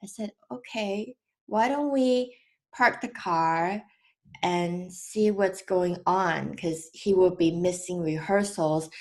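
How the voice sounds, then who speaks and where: A woman in her thirties gently telling a personal story about her young son, in a casual, unhurried way. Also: fairly low pitch.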